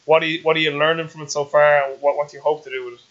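A man with an Irish accent hosting an interview, chatty and quick as he tells stories and asks questions. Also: on the high side, little pitch movement, a bit bright, muffled recording. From Ireland. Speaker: podcast host. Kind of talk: conversational interview.

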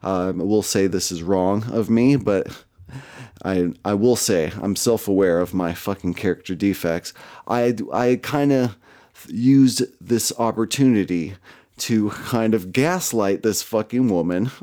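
A man's voice: fairly low pitch, measured pace, warm tone. Rambling, profane man telling a story. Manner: rambling, profane, self-mocking, many fillers. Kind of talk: casual storytelling.

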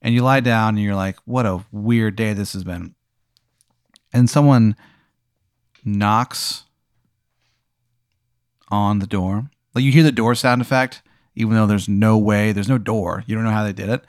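A man's voice: lowish voice, steady tone, unhurried, pauses often, clear, resonant tone, dry recording, clean studio sound. A man hosting a comedy podcast, narrating an improvised scene with lots of fillers. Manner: rambling, lots of "like". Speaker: podcast host running an improvised scenario. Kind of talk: improv storytelling.

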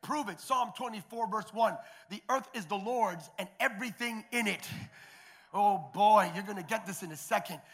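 A middle-aged male pastor preaching a sermon, moving between quiet, conversational storytelling with restarts and loud, shouted declarations. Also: high voice, normal speed. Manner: repeats words and restarts, conversational asides.

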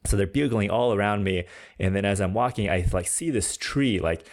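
A young man with a fairly low voice tells stories from the trail as a podcast guest. He talks casually and animatedly, and he fills his sentences with "like". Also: moderate pace. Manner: animated, heavy use of filler "like". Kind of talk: casual storytelling.

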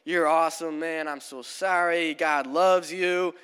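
A man voicing a gentle, easygoing man who stays calm and apologetic while being threatened. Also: a little high, a little slow, clear, resonant tone, big-room sound. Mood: calm pleading.

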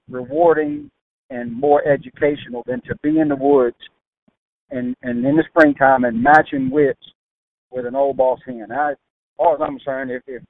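A man from Louisiana with a Louisiana accent, a guest telling folksy hunting stories in an animated, drawling way. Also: a little high, gravelly, dry recording. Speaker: guest turkey hunter. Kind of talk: folksy storytelling. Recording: tinny phone-like sound.

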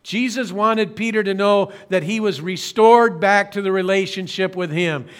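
Male pastor with a higher-pitched voice, earnest and slow-phrased sermon delivery, occasional self-corrections. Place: church streaming service.

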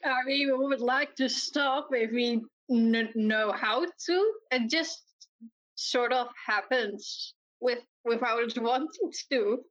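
A woman's voice: on the high side, slow, fairly bright tone, highs cut off. A woman player in a tabletop game, talking hesitantly and defensively. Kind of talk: casual tabletop game talk.

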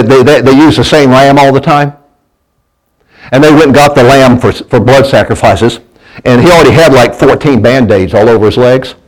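A preacher man with a somewhat high voice delivers a folksy sermon. He keeps asking his congregation for answers and trips over and repeats his words as he pushes his point. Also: low-quality recording. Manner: folksy preaching with call-and-response and stumbling restarts. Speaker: pastor.

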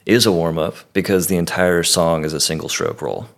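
A man's voice: low voice, a little fast. An American man, a drummer guest, talking in casual, laughing chat and swearing freely. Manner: laid-back, laughing, swearing.

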